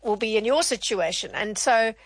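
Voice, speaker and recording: Higher-voiced woman hosting a radio phone-in. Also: lively intonation, normal speed, slightly rough, dry recording. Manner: apologetic, probing, lots of restarts. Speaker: radio host.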